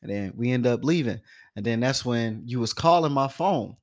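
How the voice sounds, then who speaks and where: A young man holds the floor on a casual podcast, telling a story in a relaxed, mid-pitched voice. He slips into the other people's voices as he tells it, and his laughter breaks through again and again. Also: moderate pace. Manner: animated, acts out quoted voices, laughs often. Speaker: podcast co-host.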